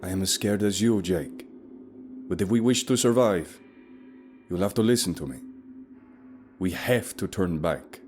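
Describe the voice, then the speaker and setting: A man voicing a calm, stern male polar guide who speaks in a measured, formal, commanding way, over a steady hiss. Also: low-pitched, faint music behind, pitched above the performer's own voice. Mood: grave.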